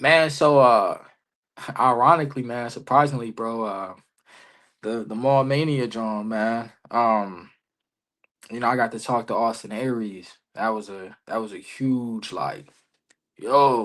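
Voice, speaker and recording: Male wrestler guest, mid-pitched, casual storyteller, slang-heavy, animated. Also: a little slow. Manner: slangy, loose, peppered with "bro" and "you feel me"; animated, acts out both sides of conversations.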